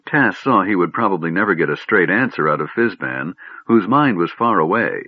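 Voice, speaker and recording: Deep husky guy reading a fantasy book, dry tinny phone-line sound. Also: lively intonation, no room sound. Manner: measured storytelling. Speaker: audiobook narrator. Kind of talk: scripted narration. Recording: narrow phone-like band.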